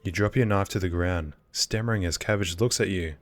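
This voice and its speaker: A man reading a horror visual novel aloud, breaking off for excited reactions. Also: low voice, fairly quick. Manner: reads game text, breaks off with excited reactions. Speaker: gaming video creator.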